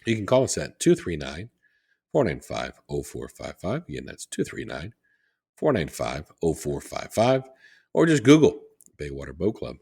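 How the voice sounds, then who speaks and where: A man's voice: extremely low pitch, big pitch swings, normal speed, gravelly, a little mellow, husky. A man co-hosting a podcast, talking casually and rambling as he plugs a local business. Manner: rambling, repeats phone number for promotion. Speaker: podcast co-host. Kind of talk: casual chat. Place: Southwest Florida.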